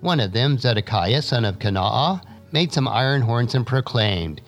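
A man reads scripture aloud with a lively, rising and falling delivery, lifting his pitch whenever a character speaks. His voice sits in a middle register. Faint music plays underneath. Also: normal speed, dull audio. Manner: expressive reading, lifting pitch for quoted speakers. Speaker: scripture reader and teacher. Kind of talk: Bible reading followed by an essay.

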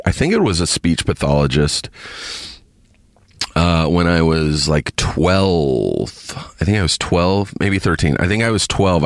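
A man's voice: deep voice, no room sound, studio quality. A man hosting a podcast, reading a listener email aloud and rambling chattily with lots of self-corrections. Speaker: podcast host. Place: parked car.

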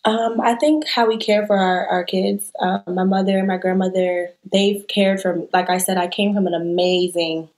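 A woman's voice: medium pitch, fairly even intonation, normal speed, few pauses, a little mellow. Earnest woman sharing her story. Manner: earnest, heartfelt, with many fillers. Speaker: interview guest. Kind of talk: candid conversational interview.

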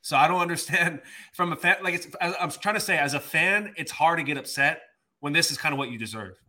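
Exasperated, ranting man with bright voice. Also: a little high, brisk. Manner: exasperated ranting, mild swearing. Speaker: podcast host. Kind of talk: casual sports talk.

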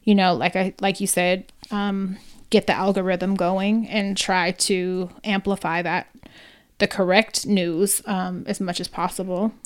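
A woman's voice: mid-range voice, level tone, a little slow, clear, resonant tone. A woman co-hosting a podcast in casual chat, chatty and swearing freely as she tells stories. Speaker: podcast co-host.

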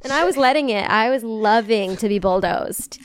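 A woman's voice: on the high side, moderate pace, clear, resonant tone. A young woman co-hosting a podcast, chatting casually, laughing often and saying "like" a lot. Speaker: podcast co-host. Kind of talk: casual chat.

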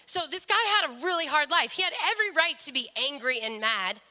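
A woman's voice: high-pitched, lively intonation, quick pace, sharp tone, long reverb tail. A young woman sharing a personal faith story in an earnest devotional talk, often quoting people in their own voices. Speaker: speaker sharing a testimony.

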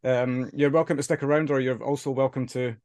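A man's voice: medium pitch, fairly even intonation, brisk, darkish tone, no room sound. Male host, jokey, upbeat, dry close sound. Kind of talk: casual chat on a video call.

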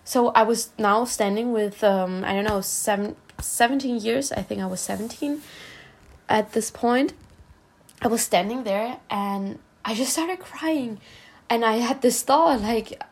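A self-healing vlogger from Spain, this woman gives a heartfelt personal talk in a voice on the high side. She speaks haltingly, restarting often, and earnestly reassures her listener.

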